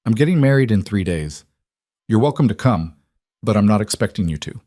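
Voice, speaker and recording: A man's voice: lowish voice, expressive, brisk, dark tone, dry recording, studio quality. A man voicing a hurt but defiant young woman who talks in clipped, firm lines. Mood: resolute.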